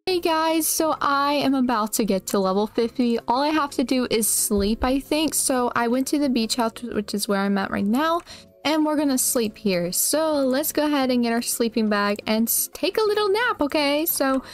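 Young female gaming vlogger, slightly high voice, bubbly running commentary, faint music underneath. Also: moderate pace. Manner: chatty and upbeat, with frequent fillers and repeated phrases. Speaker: gaming YouTuber. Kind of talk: casual gameplay commentary.

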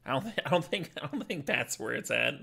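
A man streaming a card game draft, talking casually in a playful, joking way and swearing when excited. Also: a little high, fast talker, creaky, slightly rough.

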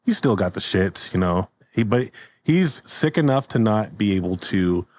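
Playful low-voiced male podcast host. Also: moderate pace. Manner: playful, laughing, animated. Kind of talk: improvised comedy storytelling.

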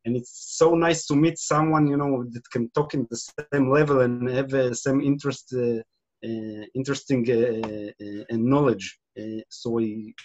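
Man, Israeli accent, webinar presenter, halting delivery, mid-pitched voice, video-call mic. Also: fairly even intonation, darkish tone. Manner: hesitant, many fillers and restarts. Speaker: guest presenter.

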